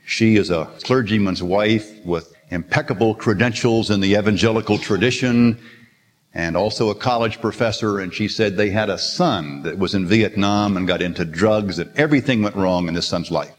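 A man's voice: on the low side, normal speed. An older man preaching a sermon in an earnest, storytelling manner, quoting scripture with emphasis. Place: church sanctuary. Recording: long reverb of a large hall.

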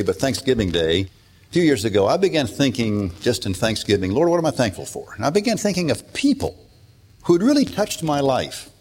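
An older man preaching a sermon in a conversational, storytelling way. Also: medium pitch. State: emotional at times. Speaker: pastor.

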